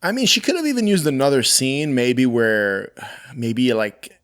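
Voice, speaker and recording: A man co-hosting a casual film review podcast, talking animatedly and acting out quick quoted lines. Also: mid-range voice, animated, a bit bright. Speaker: podcast co-host.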